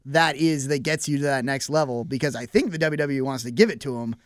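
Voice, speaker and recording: A man co-hosting a podcast, chatting casually about wrestling with quick, wry asides and some swearing. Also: mid-range voice, no room sound, clean studio sound. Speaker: podcast co-host.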